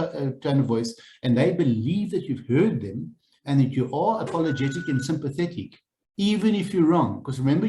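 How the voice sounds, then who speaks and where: A man's voice: a little high, warm tone. A man giving a blunt, informal training talk to property agents, acting out phone calls with clients. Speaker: real estate agency principal training agents. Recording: echoey room, faint noise.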